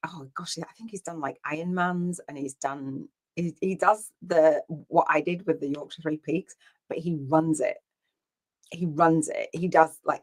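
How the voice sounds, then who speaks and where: A woman with a low voice talks through a casual solo podcast episode. She rambles from thought to thought with plenty of ums and acted-out bits of dialogue, speaking at an easy conversational pace. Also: fairly bright tone. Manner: rambling, storytelling with quoted dialogue and fillers. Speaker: podcast host.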